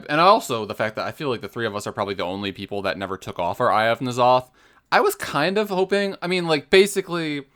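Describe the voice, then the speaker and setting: A man's voice: mid-range voice, fairly bright tone, clear, resonant tone. A man co-hosting a podcast, rambling casually about a video game and filling his talk with "like". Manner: rambling, heavy use of "like". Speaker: podcast co-host. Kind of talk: casual gaming chat.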